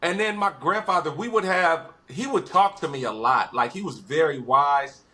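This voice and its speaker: A man's voice: a little high, moderate pace. A man from West Los Angeles, a podcast guest, telling stories casually and acting out what people said. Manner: animated storyteller, acts out quotes. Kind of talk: casual conversation.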